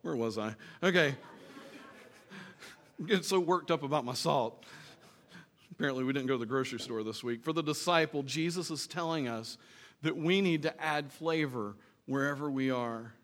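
A male pastor preaches a sermon in church, earnest and emphatic, now and then slipping into quiet, joking asides. His voice is on the high side and his pace is normal.

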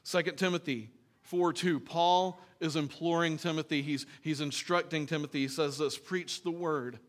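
A man pastor preaching a sermon in a church, earnest and emphatic, dropping into quiet, joking asides. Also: a little high, fairly even intonation, normal speed.

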